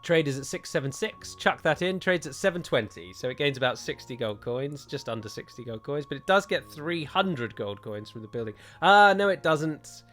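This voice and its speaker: Jokey gaming commentator. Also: male voice, a little high, expressive, moderate pace, hardly any pauses, fairly bright tone, faint music behind. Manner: chatty, self-mocking and jokey. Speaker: gaming YouTuber. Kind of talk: let's-play commentary.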